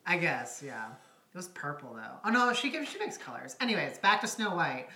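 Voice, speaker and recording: A woman's voice: low-pitched, very animated, a little fast, sharp tone. A woman in casual chat, wry and blunt, laughing often as she talks through a movie. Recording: echoey room.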